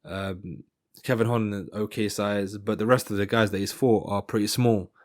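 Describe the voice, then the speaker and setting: Rambling man with a low voice. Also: fairly even intonation, normal speed. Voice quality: rambling, self-correcting. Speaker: MMA commentator. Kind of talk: casual fight commentary.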